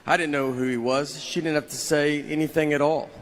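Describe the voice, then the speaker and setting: Deadpan Southern man on a stage. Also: fairly high pitch, brisk. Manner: deadpan storytelling. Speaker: stand-up comedian. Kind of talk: stand-up set. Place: comedy stage. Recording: noisy live venue recording. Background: audience laughter.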